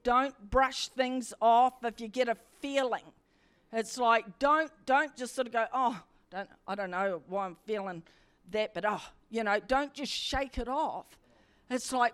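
Fervent woman preaching. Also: fairly high pitch. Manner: fervent, emphatic, repeats phrases. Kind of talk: sermon.

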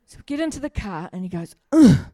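A woman's voice: lowish voice, animated, fast, mellow, no room sound, studio quality. A middle-aged woman, preaching a sermon in a chatty, humorous way and asking the congregation questions. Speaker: pastor. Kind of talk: sermon with personal stories.

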